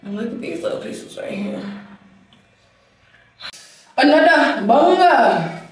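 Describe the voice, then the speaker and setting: A woman's voice: high-pitched, expressive, brisk, reverberant, recorded from a distance, music in the background, rough recording. A woman in her twenties chatting casually for her vlog, laughing and teasing as she goes. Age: 20s. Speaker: vlogger.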